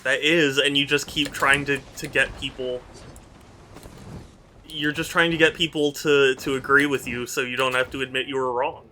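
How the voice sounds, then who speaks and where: A man's voice: mid-range voice, fairly even intonation, moderate pace, bright, forceful tone, slight background noise. A man streaming a game and chatting casually with viewers, playfully bickering with them and sounding exasperated.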